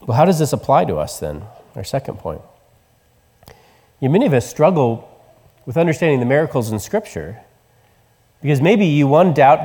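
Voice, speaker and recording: A man preaching a sermon, telling the story with voices and dropping to soft, tender tones for the quiet words. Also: on the high side, very animated, moderate pace, pauses often, breathy edge, long reverb tail. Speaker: pastor.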